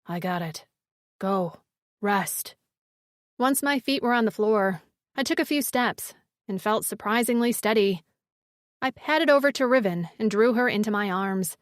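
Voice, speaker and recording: A woman narrating a first-person fantasy romance audiobook with an expressive storytelling delivery. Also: a little high, moderate pace, no room sound, studio quality.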